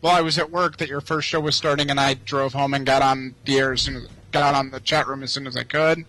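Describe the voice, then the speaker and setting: A man's voice: medium pitch, level tone, quick pace, bright, forceful tone, low-quality recording. Hesitant male caller on a video call. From Detroit area. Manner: hesitant, many restarts. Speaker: caller, radio broadcaster. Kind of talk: casual interview over a video call.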